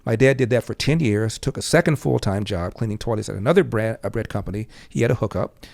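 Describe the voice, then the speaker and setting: An older man, a podcast guest, telling a personal story in an animated way and acting out the voices of the people in it. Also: fairly low pitch, fast, creaky, no echo, clean studio sound. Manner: animated storyteller who acts out quoted dialogue. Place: podcast studio.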